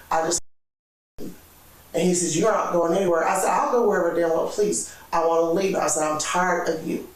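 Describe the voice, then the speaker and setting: Woman, interview subject; animated retelling that acts out every quote. Echoey room, mic well off. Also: lowish voice, moderate pace, long pauses, distant mic. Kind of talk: recounting events in an interview.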